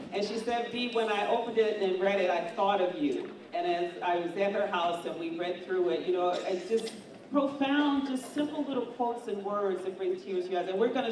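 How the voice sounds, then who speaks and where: Emotional woman speaking in a big echoey hall. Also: mid-range voice. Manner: heartfelt, emotional, with fillers. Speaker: event host. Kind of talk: speaking to a luncheon audience. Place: large event hall. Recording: echoey hall from far off, faint noise.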